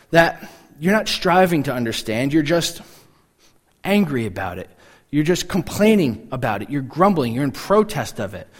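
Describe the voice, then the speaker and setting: A man delivers a sermon in an easy, conversational way, his voice sitting a little higher than most men's. He often drops into brief imitations of puzzled or grumbling listeners before returning to his teaching. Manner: conversational, acts out listeners' reactions in quick asides. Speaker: pastor.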